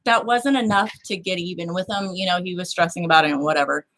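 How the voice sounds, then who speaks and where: A woman with a fairly low voice talks fast as she tells a personal story in casual conversation. She's blunt and swears freely, animatedly acting out the people she quotes.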